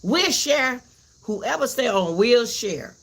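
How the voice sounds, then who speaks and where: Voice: medium pitch, big pitch swings, takes it slowly, vocal fry, fairly bright tone. A host giving a heated commentary rant, repeating herself and cursing as she vents. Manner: fiery, repeats herself, cusses.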